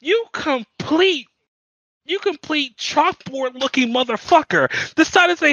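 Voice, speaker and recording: Animated, bright-voiced ranting man. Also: extremely high pitch, a little slow, no room sound, muffled recording. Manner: ranting, profane, exasperated. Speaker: podcast host. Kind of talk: casual chat.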